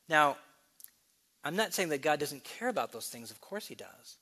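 A man's voice: fairly high pitch, sing-song, pushed and bright. Man preaching an expository sermon. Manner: expository teaching, shifts between brisk asides and slow emphatic reading.

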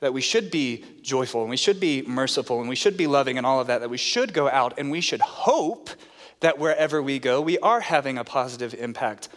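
A man's voice: medium pitch, expressive, fairly quick, fairly bright tone. Man, pastor giving a sermon, earnest teaching tone, questions to the congregation, long church reverb. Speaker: preacher. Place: church sanctuary. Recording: reverberant hall.

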